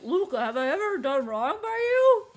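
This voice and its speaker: A woman plays a sly older man with a folksy, ingratiating drawl, hammy and lively, his pitch swooping up and down. The voice sits a touch high and bright for such a schemer, read aloud from a game. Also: a little slow, soft background music, exaggerated voice. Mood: coaxing.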